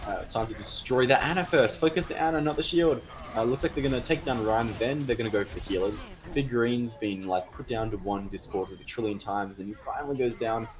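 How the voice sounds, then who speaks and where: A man casting a live esports match, chatty and excitable, breaking out in sudden cheers. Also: mid-range voice, brisk, hardly any pauses. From Australia. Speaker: esports caster. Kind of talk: live esports play-by-play commentary.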